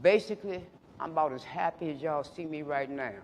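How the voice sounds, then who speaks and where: High-voiced man telling stories. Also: a little fast, a little hiss or hum. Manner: animated storyteller acting out both sides of the dialogue; colloquial, laughing through his stories. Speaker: recovery speaker. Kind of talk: storytelling talk to a live audience. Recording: echoey hall reverb.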